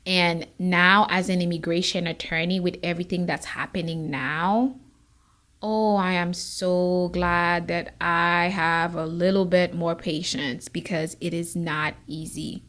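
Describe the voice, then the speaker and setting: A woman's voice: fairly low pitch, level tone, measured pace, a bit bright. A woman attorney hosting her own show, giving an earnest personal testimony and sometimes close to tears. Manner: emotional, near tears at times; earnest, encouraging. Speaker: podcast host, immigration attorney.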